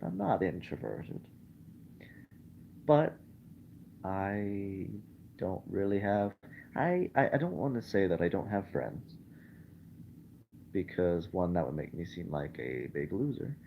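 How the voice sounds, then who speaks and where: A man chatting casually and candidly from bed on a livestream, halting and self-deprecating, recorded on a dull lo-fi track with faint hiss. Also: sits low. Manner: hesitant, halting, lots of fillers and restarts. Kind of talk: casual rambling livestream chat. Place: in bed at home.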